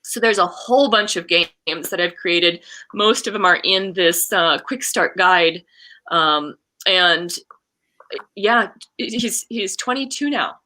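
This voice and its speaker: A woman's voice: mid-range voice, slow pace, pushed and bright. A woman in her forties, a coach, telling a heartfelt personal story in an interview and acting out the quoted lines. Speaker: guest, coach and card game creator.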